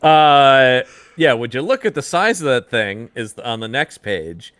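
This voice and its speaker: A man co-hosting a podcast, chatting casually about comics and now and then jumping into loud mock voices. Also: medium pitch, very animated, a little slow, no room sound. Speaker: podcast co-host. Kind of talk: casual comic-book discussion.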